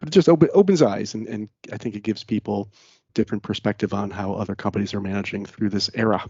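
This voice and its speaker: A man's voice: lowish voice, fast, a little mellow, husky, dry recording, lo-fi sound. A talkative American man who is a guest on a podcast. He chats casually and rambles, with lots of fillers and restarts. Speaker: podcast guest, managing director. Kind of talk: casual interview chat.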